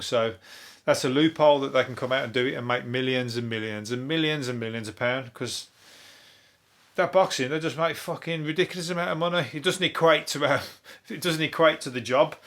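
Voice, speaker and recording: Hosting a news review podcast by himself, a comedian speaks in a medium-pitched, somewhat bright voice. His style is rambling and very sweary, punctuated by laughter at his own jokes.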